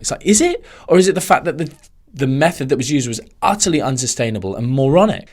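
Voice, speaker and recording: A man hosting a solo podcast, ranting in a loose, animated way that keeps swerving into tangents. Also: mid-range voice, normal speed. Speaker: podcast host. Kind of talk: casual solo podcast monologue.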